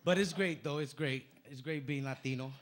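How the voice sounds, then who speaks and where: A man from the Dominican Republic doing a stand-up comedy set on a club stage into a handheld mic, telling stories with punchy, animated delivery. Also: on the high side, normal speed. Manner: punchy, animated storytelling with acted-out voices.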